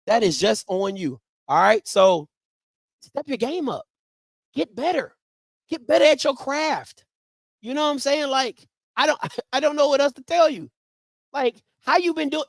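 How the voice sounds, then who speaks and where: A live show host with a very high voice speaks animatedly yet unhurriedly, gravelly and pausing often. He drives points home through repetition, swinging from loud to soft, and the sound is dry and close-miked with no room echo.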